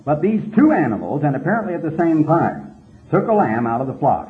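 A man's voice: a little high, very animated, fairly quick. Man preaching over a tinny phone-like line. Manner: storytelling, emphatic rises on key words. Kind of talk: expository Bible teaching. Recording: tinny phone-like old tape.

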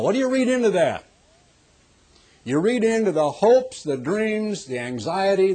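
Husky and medium-pitched, a middle-aged preacher from the United States delivers a televised sermon. His volume shifts between quiet and booming as he fires off pointed rhetorical questions.

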